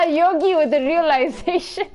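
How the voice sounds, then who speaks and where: High-voiced lady reading a dating game out loud, slow and giggly, a little music under it. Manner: playful, giggly, teasing asides. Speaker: gaming video host. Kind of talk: reading a dating game aloud with live commentary.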